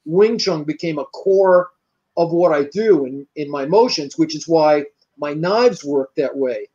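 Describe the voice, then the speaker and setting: A man's voice: a little high, lively intonation, a little slow, mellow, muffled recording. An older American man, a martial arts grandmaster, telling long rambling stories in an interview and acting out the dialogue. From United States. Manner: rambling, anecdotal, acts out quoted dialogue. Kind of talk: storytelling in an interview.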